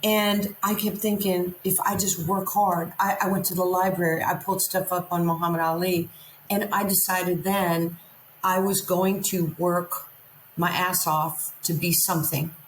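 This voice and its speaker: Woman from queens telling stories on a podcast, lowish voice, roomy echo. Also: level tone, unhurried, a little hiss or hum. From Queens, New York. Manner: vivid storyteller, acts out quoted lines. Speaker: guest. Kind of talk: candid storytelling interview.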